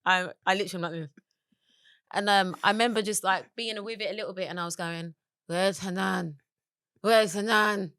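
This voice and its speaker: A woman, a podcast guest telling a personal story in candid, animated chat, often laughing and acting out what people said. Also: fairly low pitch, fast talker, no room sound, studio quality. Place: podcast studio.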